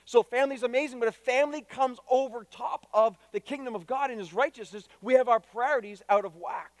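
A man's voice: very high-pitched, fairly quick, no echo, long reverb tail. A man preaching a sermon to his congregation, emphatic, repeating key phrases and putting direct questions to his listeners. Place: church.

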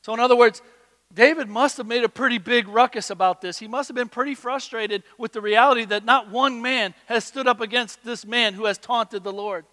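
Man preaching with a high, bright voice. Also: fairly even intonation, fairly quick, in a large hall. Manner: swings between loud emphatic bursts and quiet low asides. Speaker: pastor. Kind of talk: sermon.

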